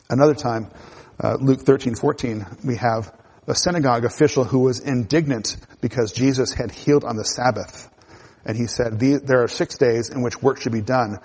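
A man's voice: mid-range voice, a little mellow, slightly rough. A man preaching a sermon in a conversational way, with asides and restarts. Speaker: pastor. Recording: hall reverb.

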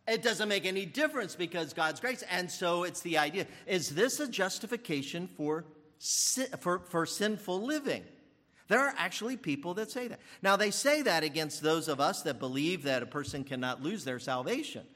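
Animated older preacher in echoing hall. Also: male voice, high-pitched, unhurried. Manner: animated, thinking aloud with fillers and restarts. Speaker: pastor. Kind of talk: sermon.

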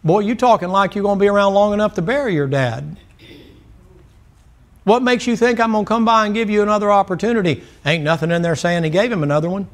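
A man from the Southern United States with a Southern American accent, preaching a sermon in a blunt, folksy, fervent way and peppering it with rhetorical questions. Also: high voice.

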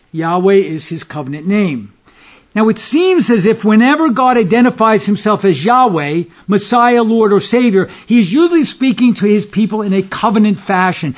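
A man preaching a sermon, teaching from scripture and reading verses aloud in formal old-fashioned wording, with emphatic stress on key words. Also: high-pitched. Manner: expository teaching, quoting scripture in formal King James phrasing. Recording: dull lo-fi sermon recording.

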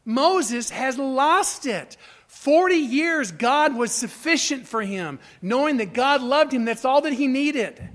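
A man's voice: very high voice, lively intonation, takes it slowly, a bit bright. A male pastor preaching a sermon, reading scripture aloud, then explaining it with rhetorical questions and rising emphasis.

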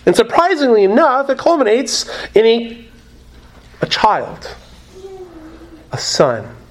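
High-voiced man preaching a sermon. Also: huge pitch swings, slow. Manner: expository preaching, repeats key phrases, asks rhetorical questions. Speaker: pastor.

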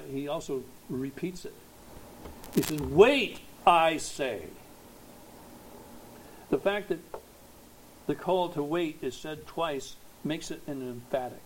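Slow, emphatic male preacher. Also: fairly high pitch, slight background noise, low-quality recording. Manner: slow, emphatic preaching that builds to loud exhortation. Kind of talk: sermon.

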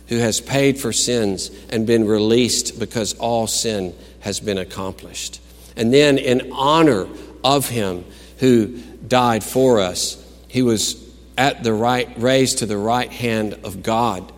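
A male pastor preaches at an unhurried pace, his words ringing out in a large, echoing hall. He climbs to loud, exclaimed declarations and then drops to quiet, musing retellings of film scenes. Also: mid-range voice. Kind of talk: sermon.

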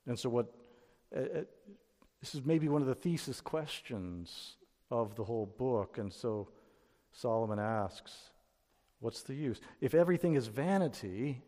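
Guy giving a bible sermon, mellow voice, keeps restarting, lots of reverb. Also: mid-range voice, expressive, a little slow. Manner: explanatory, with frequent restarts and fillers. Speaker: Bible teacher. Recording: long reverb of a hall.

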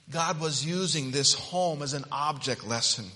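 A man preaching a sermon, swinging from quiet reading to loud, shouted emphasis. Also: a little high, unhurried, hardly any pauses. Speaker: pastor. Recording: long hall reverb.

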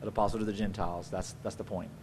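A man preaching a sermon as pastor, swinging from loud emphatic bursts to quiet conversational asides. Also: fairly low pitch, flat delivery, quick pace, background noise.

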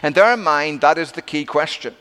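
Man, preacher, sermon, animated storytelling, slightly higher voice, long hall reverb. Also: normal speed, smooth. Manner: animated storytelling with acted-out quotes.

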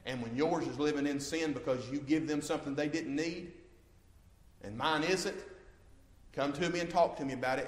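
A man preaching a sermon as pastor, impassioned and swinging from quiet stretches to loud ones. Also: a little high. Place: church sanctuary. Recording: echoey church hall.

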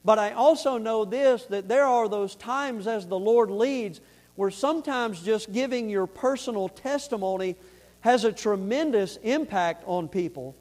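A pastor delivers his sermon in a notably high voice for a man, telling his story earnestly. His preaching then climbs into fervent, shouted passages. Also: a little slow.

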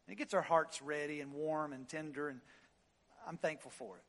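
A pastor preaching in a church, his voice riding high for a man. He hammers repeated phrases, climbs to shouting peaks and then drops to low, hushed asides. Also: fairly even intonation, moderate pace. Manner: impassioned preaching, swings from loud highs to low quiet asides; repeats phrases for emphasis, "listen" and "y'all". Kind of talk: sermon. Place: church sanctuary.

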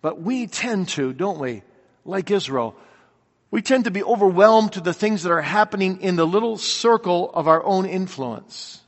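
A man preaching a sermon, earnestly asking rhetorical questions and swinging between loud declarations and quiet reflection. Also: high-pitched, lively intonation, normal speed. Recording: long reverb of a large hall.

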